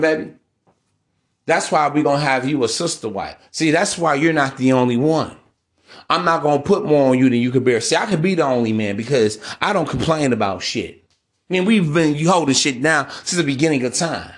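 Man, podcast host, preachy, casual slang, somewhat high voice. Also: brisk. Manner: preachy, street slang, repeats "man" and "bro". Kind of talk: casual monologue.

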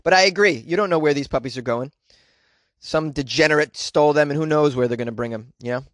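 A man's voice: on the high side, fast, dry recording, studio quality. A man hosting a podcast, riffing sarcastically and crudely on news stories and talking back to himself. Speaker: podcast host. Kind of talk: comic news commentary.

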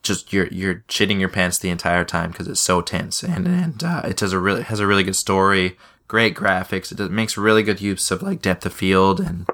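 A man's voice: low-pitched, normal speed, few pauses, fairly bright tone. A young man rambling and swearing in a casual podcast chat about games, restarting his sentences often. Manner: rambling, profane, many restarts. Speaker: podcast host.

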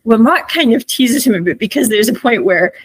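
A woman hosts a podcast and recaps a series in a loose, conversational way, narrating scenes and voicing the characters' lines. Her voice is slightly husky and breathy, and it sounds close and dry with no room around it. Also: fairly high pitch, lively intonation, a little fast, no room sound, rough recording. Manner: chatty retelling, acts out quotes with "he's like". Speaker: podcast host. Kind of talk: casual episode recap.

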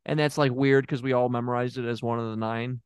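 A man's voice: medium pitch, fairly even intonation, fast talker, smooth, dry recording, natural voice. Man playing a stammering fake therapist. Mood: deadpan. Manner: hesitant, stammering, confidently absurd. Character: bumbling fake male therapist. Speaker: therapist in improv scene. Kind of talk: improv comedy scene.

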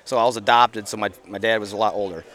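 At an outdoor event, a middle-aged man gives a casual interview as a podcast guest. He speaks fast, his voice fairly low, steady and a bit bright, and he rambles earnestly with lots of fillers and restarts.

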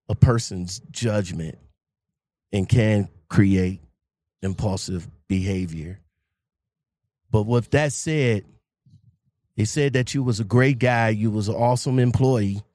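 A man hosting a casual interview, speaking informally and gently with lots of fillers. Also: on the low side, no room sound, studio quality. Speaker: interview host.

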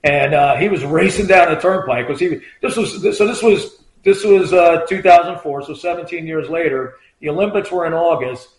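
Telling rambling, casual stories, a retired trooper in middle age talks at a moderate pace with few pauses in a somewhat high voice. His speech is heavy with fillers, and he raises his voice to act out quotes; the recording has a roomy echo.

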